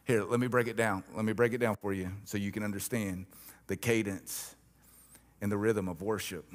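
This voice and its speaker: A male pastor preaching a sermon, swinging between quiet, drawn-back lines and loud, emphatic swells, with rhythmic chanted repetitions. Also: lowish voice, steady tone, normal speed.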